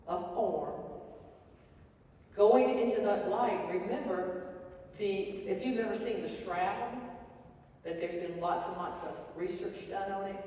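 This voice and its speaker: A woman's voice: mid-range voice, mellow. A woman pastor giving a sermon in an earnest, rambling storytelling way, with restarts. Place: church sanctuary. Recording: echoey church hall mic from far off.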